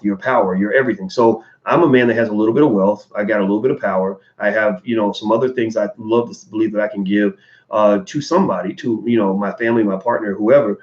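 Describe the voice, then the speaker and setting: A man's voice: lowish voice, darkish tone. A man hosting a livestream, answering viewer donations in casual, candid commentary with many fillers and restarts. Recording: roomy, dull lo-fi sound.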